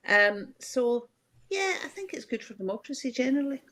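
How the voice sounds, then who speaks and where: A woman's voice: sits high, sing-song, moderate pace, bright, forceful tone. A middle-aged Scottish woman giving candid political comment in a news discussion, talking conversationally with many fillers and restarts.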